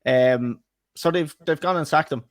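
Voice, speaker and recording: A man's voice: fairly high pitch, unhurried, no room sound, studio quality. A man co-hosting a football podcast, chatty and laughing, swearing freely in casual banter. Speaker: podcast co-host. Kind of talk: casual chat.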